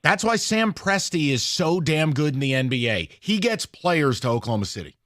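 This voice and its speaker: Animated, exasperated male sports radio host. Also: a little high, moderate pace, no echo, clean studio sound. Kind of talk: sports talk radio banter. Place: radio studio.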